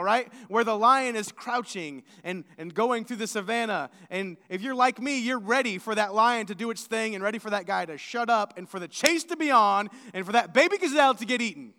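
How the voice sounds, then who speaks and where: Male pastor preaching in a church; bright, forceful tone, animated storyteller. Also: high voice. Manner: storytelling, animated with acted-out quotes. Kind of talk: sermon. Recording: long hall reverb.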